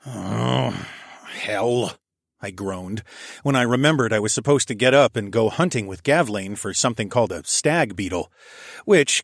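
In a lowish voice, a male audiobook narrator delivers a first-person romantic fantasy tale with intimacy and wry humor, shifting between narration and character lines. The recording is dry and studio-clean.

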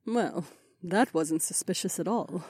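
Guy doing a soft calm elf princess voice, pitched up, dry close sound. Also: no echo, lightly acted. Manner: soft, measured suggestions. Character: elf princess, calm and practical young wife.

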